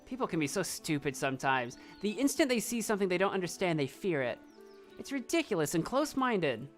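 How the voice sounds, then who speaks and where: Snooty old wise-woman witch from a visual novel, low drawly voice, kinda evil, as a lady reads her out. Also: big pitch swings, fairly quick, faint music behind. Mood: scornful. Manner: low, scornful, drawling put-on voice with an unplaced accent. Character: sharp-tongued older village witch, bitter and proud. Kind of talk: reading a visual novel aloud.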